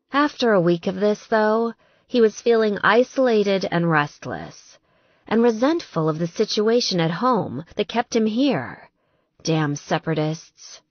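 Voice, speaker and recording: A woman reads a romance novel as a slow, expressive narrator. Her lowish voice moves a lot in pitch, telling the story with care. The recording is dry and a bit dull. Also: dry recording. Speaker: audiobook narrator.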